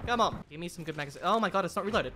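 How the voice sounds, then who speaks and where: A woman giving excitable gameplay commentary, swearing often and boasting playfully at her enemies. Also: fairly low pitch, very fast, heavy background noise. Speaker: gaming video creator.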